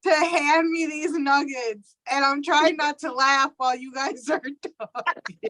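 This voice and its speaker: Slow-talking high-voiced woman. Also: fairly even intonation, bright, forceful tone, no echo. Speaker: podcast co-host. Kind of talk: casual chat.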